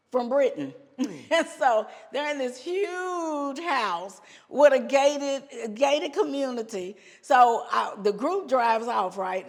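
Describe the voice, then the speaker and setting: A woman guest telling personal stories in an animated way, laughing often and addressing listeners as "y'all". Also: a little high. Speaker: podcast guest. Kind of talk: personal storytelling. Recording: long hall reverb.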